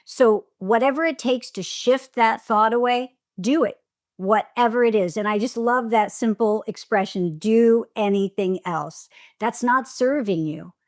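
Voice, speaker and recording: A middle-aged woman divorce coach speaks as a podcast guest and explains ideas plainly and calmly. Her voice sits a little high. The sound is dry and close. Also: no echo.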